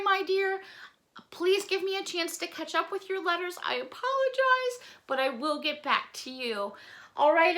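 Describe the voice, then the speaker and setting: A woman vlogger chatting to camera as she opens fan mail, warm-hearted, apologetic and close to tears, with little laughs. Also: high-pitched. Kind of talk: casual chat to camera.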